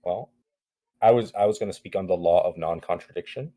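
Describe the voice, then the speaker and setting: Hesitant deep-voiced man, stammering. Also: a little fast, mellow. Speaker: caller in a debate. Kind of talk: online voice-chat debate.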